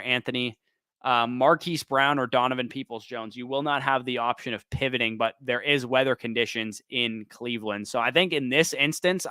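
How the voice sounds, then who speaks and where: A man hosting a livestream Q&A, quickly reading off player choices and picking one, while he is losing his voice. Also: medium pitch, pushed and bright, clear, resonant tone, dry recording. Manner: quick, listing names then picking one. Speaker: fantasy football show host. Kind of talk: livestream Q&A, rapid-fire start/sit answers.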